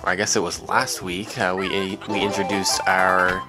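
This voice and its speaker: A man's voice: low-pitched, flat delivery, moderate pace. A young man casually commentating a video game, rambling and joking with lots of fillers. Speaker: let's play commentator. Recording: game music loud behind. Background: game music.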